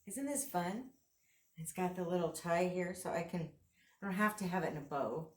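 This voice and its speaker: Low-voiced chatty woman vlogger. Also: normal speed. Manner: chatty and enthusiastic, laughs often. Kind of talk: casual thrift haul and try-on chat.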